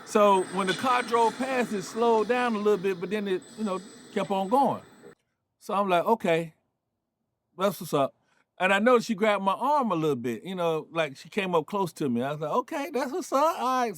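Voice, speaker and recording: A North Carolina man in his fifties, a show host and storyteller, spins a casual personal tale in a loose, chatty manner, often turning aside to address the listener. His high-pitched voice moves a little fast, and the recording is close and dry.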